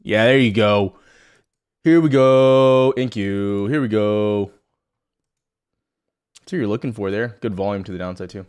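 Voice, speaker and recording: A man's voice: lowish voice, unhurried, pauses often, a little mellow, clear, resonant tone. A man hosting a live market commentary stream in a loose, unscripted way. He rambles, swears freely, and speaks straight to his viewers in a blunt, chatty tone. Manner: rambling, blunt and profane, addresses viewers directly. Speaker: stock trading livestream host.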